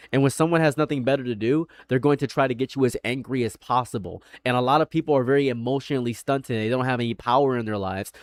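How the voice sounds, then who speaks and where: A young man rants in a loose, rambling way, circling back over his own points and slipping into mockery. His voice sits at an ordinary pitch and is recorded dry and close, with no room sound around it. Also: dry recording. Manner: rambling, repeats himself, mocking. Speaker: streamer. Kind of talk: casual livestream chat. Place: room at home.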